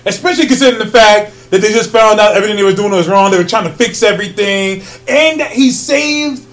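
A man co-hosting a casual podcast chat, animated, laughing often and filling pauses with ums. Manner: rises loud and high when excited. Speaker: podcast co-host.

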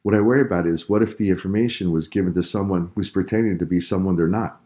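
A man voicing a gentle, reassuring mother in a read-aloud story. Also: deep voice, fast, natural voice. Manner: soft, reassuring.

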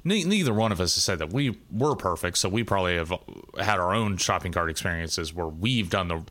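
A man's voice: sits low, expressive, a bit bright. A man co-hosting a casual conversation, talking earnestly with frequent restarts and repeated words. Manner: halting, many restarts, earnest.

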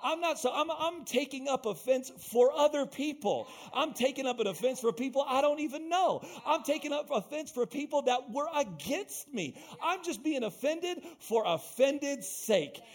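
High-voiced male pastor preaching emphatically. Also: animated, normal speed, few pauses. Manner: emphatic, repeats phrases and calls out to the congregation. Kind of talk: sermon.

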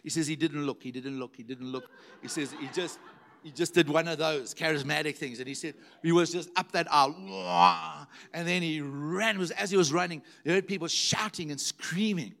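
A man's voice: a little high, brisk, fairly bright tone. A middle-aged man preaching a sermon, telling stories animatedly and repeating words for emphasis. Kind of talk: sermon storytelling.

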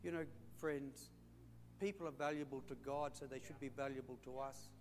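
A man's voice: medium pitch, fairly even intonation, normal speed. A middle-aged Australian man preaching a sermon in a folksy storytelling way, calling his listeners mate and friends. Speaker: pastor. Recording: echoey hall with faint hum.

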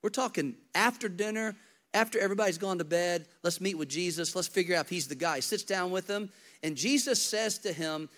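Pastor, male, higher-pitched voice, energetic storytelling preacher with humor and big dynamic swings. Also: fairly quick. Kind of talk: energetic sermon.

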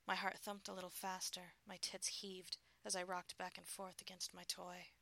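A woman narrating a first-person adult story in a soft, breathy, intimate way. Her voice is lowish with a gravelly fry and a bright, forward tone. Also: completely flat delivery, normal speed. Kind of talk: scripted first-person erotic story reading.

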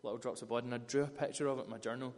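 A man's voice: mid-range voice, rapid-fire. Man preaching in a reverberant hall. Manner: storytelling, animated retellings of scripture. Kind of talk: sermon.

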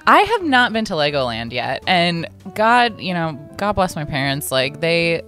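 A woman in her twenties chatting casually on a podcast, an animated storyteller who swears freely. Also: on the low side, unhurried, faint music behind. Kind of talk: casual chat.

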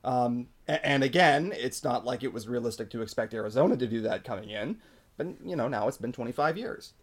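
Male podcast co-host, casual, opinionated, middle pitch. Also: a little fast. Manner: opinionated, animated, frequent fillers. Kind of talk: casual hockey chat.

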